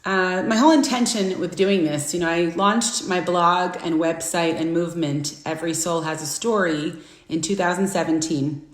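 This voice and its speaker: A middle-aged woman hosting a casual live stream, chatty and friendly, greeting viewers by name with bursts of excitement. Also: lowish voice, moderate pace. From Florida. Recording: echoey room.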